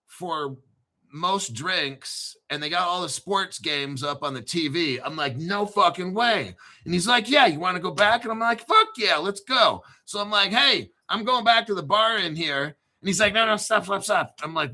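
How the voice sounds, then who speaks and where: A middle-aged man hosts a crypto show in a fairly high, bright, forceful voice. He jokes and swears his way through rambling stories in a casual monologue.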